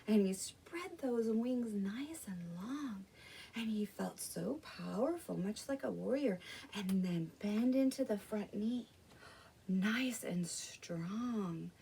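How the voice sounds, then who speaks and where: Woman running kids' story yoga, animated cues, husky, mic far away. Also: on the high side. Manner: animated, coaching children through poses. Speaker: children's librarian leading storytime yoga.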